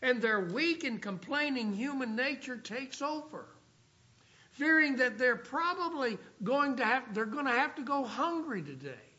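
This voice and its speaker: A male preacher delivers a sermon in a bright, high voice. He reads scripture passages aloud and stretches out key phrases for emphasis. The recording is dull and lo-fi. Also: animated, unhurried.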